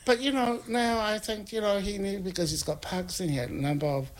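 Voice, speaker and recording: A man, a guest telling animated anecdotes, laughing often and acting out what people said. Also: sits high, a little fast. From North Island of New Zealand. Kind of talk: anecdotal storytelling.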